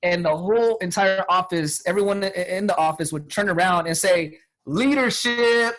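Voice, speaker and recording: A man in his thirties telling a motivational life story, energetic and repetitive, often acting out what others said. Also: high voice, brisk, soft background music. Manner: energetic, repetitive, quotes people in acted voices. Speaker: guest speaker.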